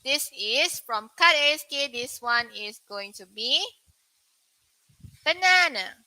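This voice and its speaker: A young woman with a Malaysian English accent teaching an English pronunciation lesson, modelling words slowly and asking the viewers questions. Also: sits high, animated, bright, forceful tone, rough recording.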